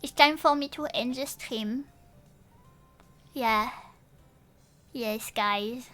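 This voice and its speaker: Young lady streaming, high voice, keeps restarting her sentences, swears for fun, soft music behind. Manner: rambling and halting, with many restarts, playful swearing. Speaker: VTuber streamer. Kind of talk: casual live-stream chat.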